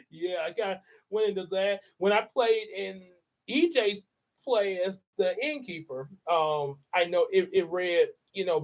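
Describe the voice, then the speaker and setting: Rambling high-voiced man host. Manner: rambling, many fillers and laughs. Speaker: channel host and actor. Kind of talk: casual chat. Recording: dull lo-fi sound.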